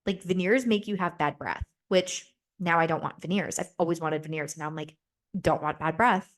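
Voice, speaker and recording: A woman's voice: on the low side, moderate pace. A young woman hosting a podcast, chatting casually and gossiping, acting out quotes in exaggerated voices. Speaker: podcast host. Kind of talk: casual chat recapping a reality show.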